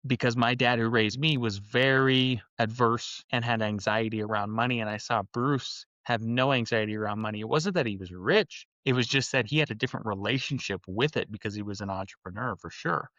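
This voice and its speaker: A man in his forties, a podcast guest from the American Upper Midwest, telling his story in a casual, animated way and acting out quoted dialogue. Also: mid-range voice, dry recording. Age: 40s. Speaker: podcast guest, architect and entrepreneur. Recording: dull lo-fi sound, dry.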